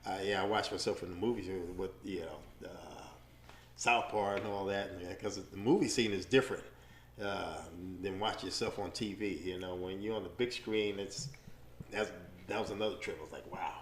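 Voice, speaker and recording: A middle-aged man, a boxing referee, telling stories in a relaxed, rambling way with many fillers during an interview. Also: deep voice, normal speed, slight background noise. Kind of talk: casual interview storytelling. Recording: echoey room.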